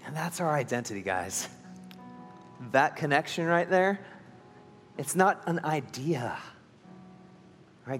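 A man preaching a sermon as pastor, earnest, moving between emphatic lines and quiet ones. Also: on the high side, big-room sound.

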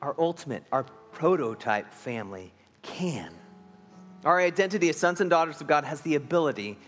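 A man preaching a sermon as pastor, earnest, moving between emphatic lines and quiet ones. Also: a little high, very animated, normal speed, long reverb tail, soft background music.

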